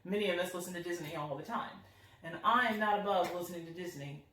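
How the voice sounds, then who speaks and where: A woman's voice: lowish voice, fast talker, fairly bright tone, a little hiss or hum. A young woman voice teacher explaining singing technique in an upbeat, friendly teaching tone. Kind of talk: singing lesson demonstration. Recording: roomy echo, somewhat far from the mic.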